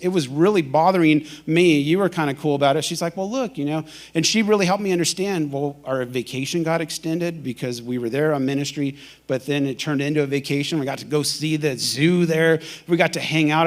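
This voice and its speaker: A male pastor preaching a sermon in a church, telling a story with lively acted-out quotes. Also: a little high. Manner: animated storytelling, acting out quoted voices.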